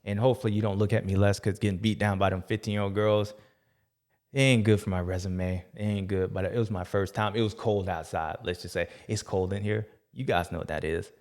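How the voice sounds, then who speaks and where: A man hosting a casual race recap, telling stories in slangy, animated talk. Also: on the low side, fairly quick. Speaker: host.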